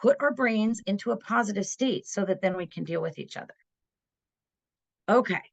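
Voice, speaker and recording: A middle-aged woman presents a parenting webinar in an earnest, conversational manner, frequently checking in with "right?". Her medium-pitched voice has lively intonation and vocal fry, moving at a moderate pace.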